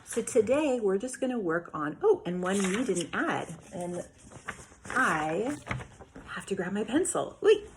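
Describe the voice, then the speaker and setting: A woman teacher, probably in her thirties, giving a remote lesson to young children, patiently and clearly sounding out letter sounds. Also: medium pitch, big pitch swings, unhurried, noisy background. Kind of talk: remote phonics and writing lesson.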